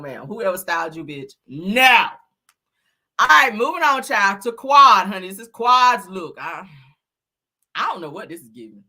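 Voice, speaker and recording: Woman host, bright and sassy, animated, blunt fashion takes for a live chat. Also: medium pitch. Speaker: livestream host. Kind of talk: casual celebrity fashion commentary.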